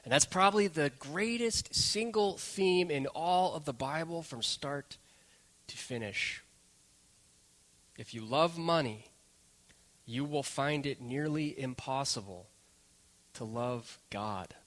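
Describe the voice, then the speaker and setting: Forceful man preaching a sermon. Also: on the high side, slow pace, pauses often. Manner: emphatic, repeats key phrases for stress. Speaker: pastor.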